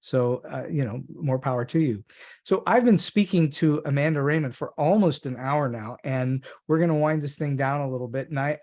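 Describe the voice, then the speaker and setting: A man hosting a podcast interview, asking questions with emphatic, animated reactions. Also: mid-range voice. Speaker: podcast host. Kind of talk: interview conversation.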